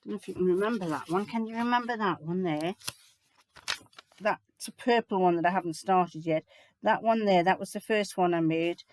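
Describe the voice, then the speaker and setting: An older woman from the United Kingdom, a sewing vlogger, answers viewers' questions in a rambling, chatty way, full of fillers and restarts. Her lowish voice moves at normal speed, recorded on a laptop mic with slight background noise.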